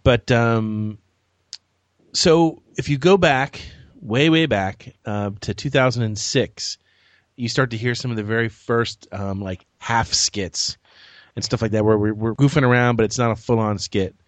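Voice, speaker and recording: A man's voice: mid-range voice, measured pace, dry recording. A man co-hosting a podcast, explaining things in an easygoing way with plenty of fillers. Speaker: podcast co-host. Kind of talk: casual chat.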